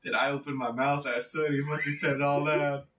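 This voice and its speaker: A man's voice: on the high side, fairly even intonation, a little fast, fairly bright tone. A young man telling stories in a casual chat with friends, laughing often and swearing a lot. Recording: distant mic with faint noise.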